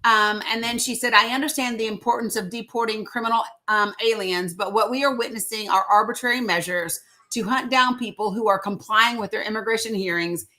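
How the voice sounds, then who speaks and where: A woman's voice: fairly high pitch, brisk, few pauses, bright, forceful tone, poor audio. A woman host, chatting casually to viewers and reading statements aloud. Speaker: show host. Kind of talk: casual live-stream commentary.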